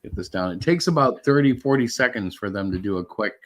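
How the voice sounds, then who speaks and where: Low-voiced rambling stream host man. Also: animated. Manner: rambling, halting, laughs while fiddling with tech. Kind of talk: casual chat.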